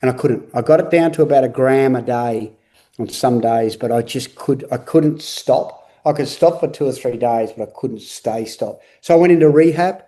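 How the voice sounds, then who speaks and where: Earnest man telling his story, mellow voice. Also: medium pitch. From Australia. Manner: earnest, repetitive, halting restarts. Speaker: guest. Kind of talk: candid interview talk.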